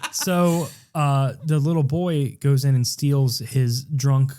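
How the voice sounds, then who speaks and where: Male podcast co-host, mellow and dark-toned, sarcastic and profane, does over-the-top character voices. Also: medium pitch, little pitch movement, slow. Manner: sarcastic, swears freely, acts out characters in exaggerated voices. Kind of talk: casual movie recap chat.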